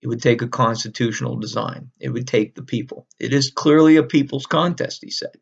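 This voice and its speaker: A man giving a casual, animated history lecture, emphatic and repeating key words, with frequent laughs. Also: mid-range voice, brisk, vocal fry, slightly rough, highs cut off. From northern United States. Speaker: history teacher.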